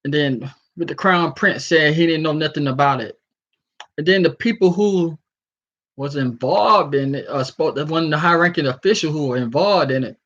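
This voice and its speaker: In a casual vlog, a man with a slightly high voice for a man reads an article and comments on it, ranting loosely and stumbling over words now and then. He freestyles animatedly at a moderate pace, and the audio sounds dull and lo-fi.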